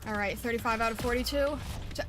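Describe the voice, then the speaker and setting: A woman streaming a game, chatting excitedly with frequent laughs and gushing exclamations, and reading story dialogue aloud. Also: a little high, quick pace, over music. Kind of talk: casual gameplay commentary, reading story lines aloud.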